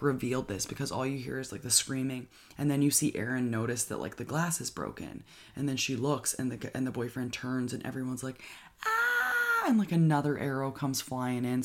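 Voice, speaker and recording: A movie reviewer with a gravelly mid-range voice gives a casual, enthusiastic plot recap. He's chatty and leans heavily on "like" as filler, acting out characters' lines in quick voices.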